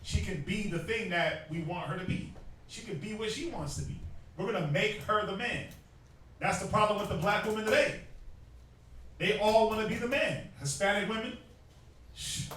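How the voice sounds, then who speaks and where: A young man street teaching to a group, animated and joking, often mimicking people. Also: sits high, normal speed, slight background noise. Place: outdoors in a city. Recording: very echoey, distant from mic.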